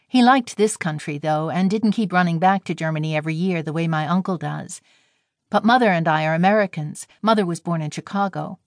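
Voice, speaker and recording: A woman's voice: lowish voice, brisk, a little mellow, no echo, studio quality, close to an everyday voice. A woman reading the part of a shy, timid young girl who speaks earnestly and anxiously.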